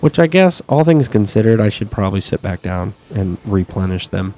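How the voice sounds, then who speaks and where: A man's voice: low-pitched, animated, brisk, mellow, slight background noise. A man casually commentating his own game, chatty and swearing, talking back at enemies and sniffling near his desk mic. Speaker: gaming streamer.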